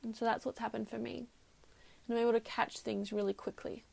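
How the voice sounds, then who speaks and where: Podcast lady telling her own story, kinda high, lots of fry, candid and laughs at herself. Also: little pitch movement, fairly quick, a little mellow. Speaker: podcast host. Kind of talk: personal storytelling monologue.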